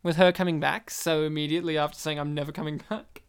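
A woman's voice: sits low, fairly even intonation, quick pace, crowd noise. A woman hosting a casual movie-review chat, laughing often and telling stories with animation. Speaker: podcast host reviewing a movie.

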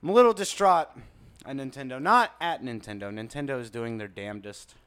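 A man's voice: mid-range voice, fairly quick, clear, resonant tone. A young man co-hosting a casual video game podcast, ranting animatedly with plenty of swearing and jokes. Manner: animated, profane, jokey rants. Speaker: podcast co-host. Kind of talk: casual chat.

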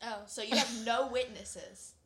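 A woman's voice: on the high side, fairly even intonation, unhurried, a bit bright. A teenage girl co-hosting a podcast with her mother, chatting casually and teasing playfully. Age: teens. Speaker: podcast co-host, daughter. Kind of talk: casual family chat.

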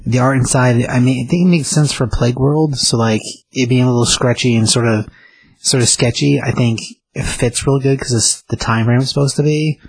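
A man chatting casually about a comic book, relaxed, agreeing and giving his score. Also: medium pitch, brisk, husky, no echo. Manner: relaxed, brief agreeing replies. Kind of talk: casual chat.

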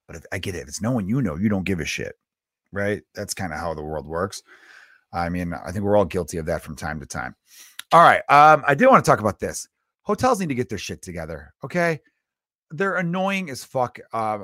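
Male comedian host, lowish voice, dry close studio sound, fed-up profane rant. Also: fairly bright tone, no room sound. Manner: exasperated, profane, rambling.

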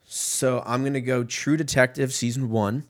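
A man's voice: mid-range voice, fairly even intonation, normal speed. A man in his thirties, hosting a casual podcast and rambling in a profane, joking way. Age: 30s.

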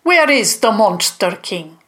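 A woman's voice: mid-range voice, sing-song, slow pace, fairly bright tone. A woman voicing a shape-shifting female monster leader who speaks formally and commandingly, in a children's storybook reading.

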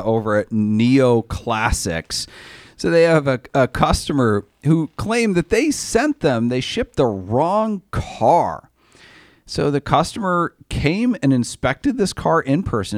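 A man's voice: medium pitch, dry recording, studio quality. A man hosting a casual automotive talk show, telling stories in a blunt, joking way with casual slang. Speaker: podcast host. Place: podcast studio.

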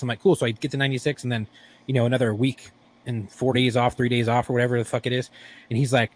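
A man's voice: mid-range voice, little pitch movement, fast talker. A man co-hosting a casual podcast who tells stories brashly and swears heavily. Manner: profane, brash storytelling. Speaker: podcast co-host.

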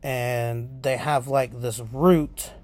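A man hosting a podcast, casually retelling horror film scenes in a profane, animated way. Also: medium pitch, very slow. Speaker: podcast host.

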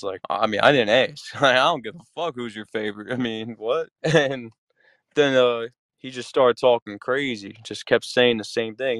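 A man in his thirties talking casually on a podcast, retelling a workplace run-in with lively emphasis and loose cursing. His voice is dry and close, with no room around it, at a middle pitch. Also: moderate pace, dry recording. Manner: storytelling, animated retelling with curses. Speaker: podcast co-host. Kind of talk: casual chat.

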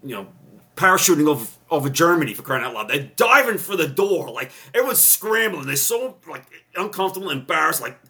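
A man, a retired police officer on a podcast, telling stories with rambling restarts and rising loud when excited. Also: on the high side, a little fast, vocal fry. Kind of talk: casual storytelling chat.

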